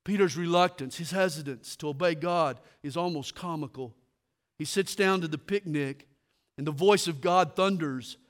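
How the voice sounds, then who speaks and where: A man preaching a sermon, telling stories with humor and dropping low and quiet for his punchlines. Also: normal speed. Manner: animated storytelling, drops to quiet for punchlines.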